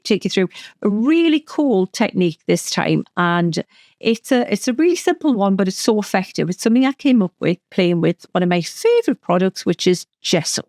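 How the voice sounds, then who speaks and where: A woman's voice: medium pitch, animated, moderate pace, dry recording. A woman as a craft educator, chatty and enthusiastic, talking through a craft tutorial with frequent restarts.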